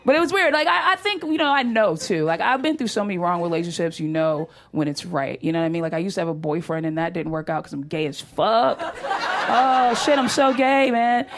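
A woman's voice: on the low side, lively intonation, a little fast, a little hiss or hum. A woman doing a brash, profane stand-up comedy set on stage, talking animatedly and laughing often. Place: comedy stage before an audience.

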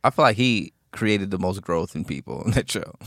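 A man's voice: sits low, animated, normal speed, a bit bright, dry recording, clean studio sound. A man co-hosting a podcast in casual chat, laughing easily and hesitating with ums and restarts. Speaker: podcast co-host.

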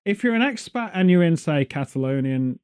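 A man's voice: fairly high pitch, lively intonation, brisk, a little mellow, clear, resonant tone. Rambling British man on a podcast. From Britain. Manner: rambling, jokey, goes off on tangents. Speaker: podcast host. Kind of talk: casual chat.

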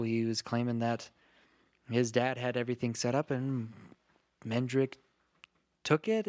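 A man hosting a tabletop game as game master, explaining the story in a playful, unhurried way. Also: medium pitch, no echo, clean studio sound. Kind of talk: casual tabletop game chat.

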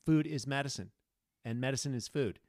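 A man's voice: mid-range voice, fairly quick, a little mellow, no echo, studio quality. A man speaking as a podcast guest and food activist, ranting fierily and swearing constantly. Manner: fiery, profane ranting. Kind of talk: casual podcast conversation.

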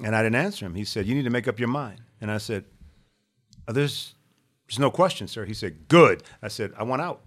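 A man with a bright, forceful voice spins a long story in a relaxed podcast conversation. He slips into the voices of the people he quotes and keeps the tale moving. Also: fairly low pitch, brisk. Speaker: podcast guest. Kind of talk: storytelling in casual chat.

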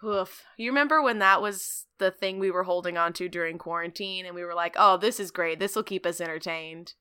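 A woman's voice: on the low side, brisk, bright, forceful tone, clear, resonant tone. A woman in her thirties co-hosting a chat show, telling a story with playful jokes and asides. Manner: playful, laughing, jokey asides. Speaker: podcast co-host.

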